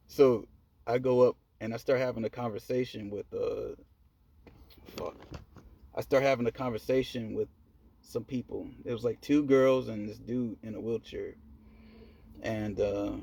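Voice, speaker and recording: A man telling a personal story in a casual monologue, profane and animated, laughing at himself. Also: medium pitch, vocal fry, a little hiss or hum. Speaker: storyteller vlogger.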